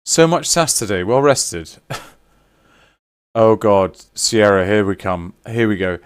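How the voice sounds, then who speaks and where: A man's voice: lowish voice, lively intonation, slow pace, smooth, dry recording. A man chatting casually with viewers on a live stream while signing autographs, teasing and reading out names.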